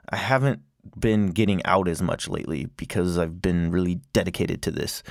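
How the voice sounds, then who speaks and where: A man's voice: on the low side, dry recording. A man hosting his own podcast, swearing a lot and wandering off on tangents as he talks from a small closet studio. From lives in Portland. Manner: profane, ranting, wandering off on tangents. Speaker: podcast host. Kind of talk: casual rambling monologue.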